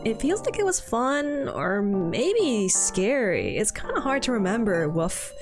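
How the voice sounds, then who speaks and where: A woman's voice: fairly high pitch, very animated, measured pace, music in the background, pitched above the performer's own voice. Woman voicing a meowing cat boy. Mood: playful. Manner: ends lines with meow or woof. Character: cheerful catlike young boy, says meow and woof.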